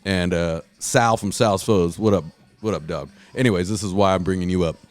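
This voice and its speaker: On a dry recording, a man hosting a podcast talks fairly quickly as he spins a wild story, swearing freely. He acts out the characters with animation, voicing their lines loudly and high-pitched.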